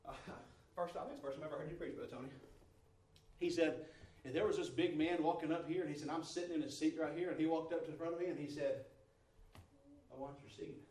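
A man preaching a sermon to a congregation, moving from quiet, steady talk to loud, fervent shouting. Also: on the high side, quick pace, far from the mic. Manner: builds from soft to shouting fervor. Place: church service. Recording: roomy church sound from off-mic. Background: congregation responses.

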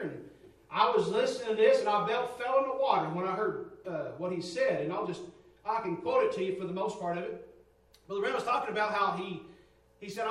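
A man preaching a sermon, fervent and swinging from near shouts to low storytelling tones. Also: recorded from a distance. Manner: fervent, rising to near shouts, dropping low for quoted stories. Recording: roomy echo, from off-mic.

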